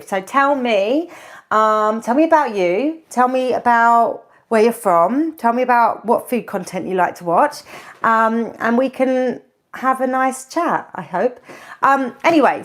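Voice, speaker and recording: A woman hosting a live cooking stream from her kitchen, chatty and a little nervous, with lots of ums and restarts as she greets viewers. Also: a little high. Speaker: food channel host.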